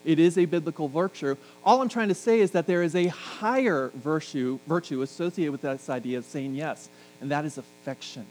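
A man's voice: a little high, brisk, darkish tone, poor audio. A middle-aged man preaching a sermon, talking to the congregation conversationally and tossing in jokes. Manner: conversational, joking asides to the congregation. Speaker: pastor. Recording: faint mains hum.

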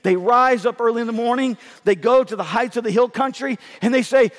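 Hoarse, high-voiced preaching man. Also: fairly quick, few pauses, in a large hall. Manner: emphatic, conversational preaching. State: losing his voice, winded. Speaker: pastor. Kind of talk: sermon.

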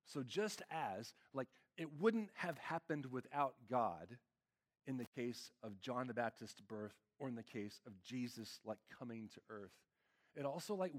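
A male pastor delivering a casual, conversational sermon. He is earnest and loose, with frequent fillers and a voice of ordinary pitch for a man. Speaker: lead pastor.

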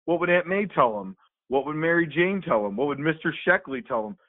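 A man's voice: on the high side, a little fast, dry recording. Rambling man on a tinny line. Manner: rambling, animated retelling with many fillers and laughs. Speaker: podcast co-host. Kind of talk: casual chat. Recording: phone-like, dry sound.

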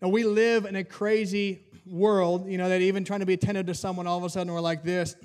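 A man's voice: sits high, level tone, fast talker, a little mellow. A man preaching a sermon as pastor, mixing humorous family stories with teaching and acting out bits of dialogue.

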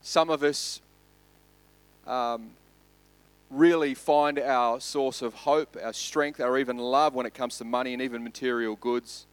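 Australian pastor preaching conversationally. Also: male voice, medium pitch, no room sound, rough recording. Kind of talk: sermon.

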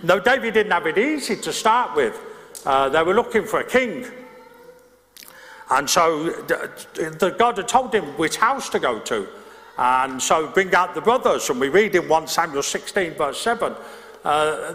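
A man's voice: on the high side, expressive, normal speed, a bit bright. A middle-aged male pastor, preaching a sermon in a conversational way, with restarts and asides to the congregation. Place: church hall. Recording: reverberant church hall.

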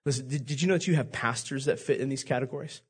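A man's voice: medium pitch, fast talker, slightly rough. A man preaching a sermon as pastor, speaking earnestly and directly to his congregation, often repeating words.

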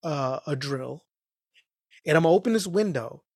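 Brief: man doing a calm, practical dad, lower and flatter voice, dry close sound. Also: normal speed, slightly rough, no echo. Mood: matter-of-fact.

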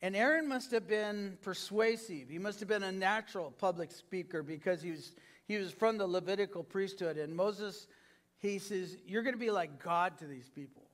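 High-pitched man preaching a sermon. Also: moderate pace. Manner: preaching to a congregation, acting out quoted lines with swings in pitch and loudness. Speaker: pastor.

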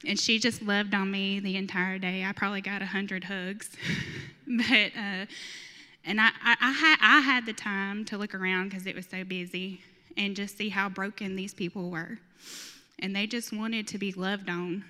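Lady giving a heartfelt church testimony, bright voice, echoey hall. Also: mid-range voice, fairly even intonation, moderate pace. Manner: emotional, earnest storytelling with laughs. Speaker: church mission volunteer. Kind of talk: personal testimony to a congregation.

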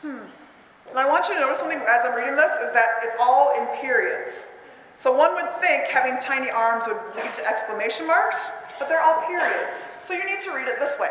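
Enthusiastic woman teacher, lively pitch, roomy reverb. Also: brisk, slight background noise. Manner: animated, enthusiastic teacher talk. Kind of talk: picture book read-aloud workshop. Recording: roomy hall with long echo.

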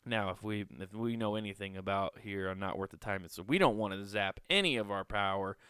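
A man's voice: lowish voice, a little fast, fairly bright tone, clean tone, no echo. A man in his thirties hosting a podcast, rambling casually, swearing and joking at himself. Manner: rambling, swearing, self-mocking. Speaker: podcast host.

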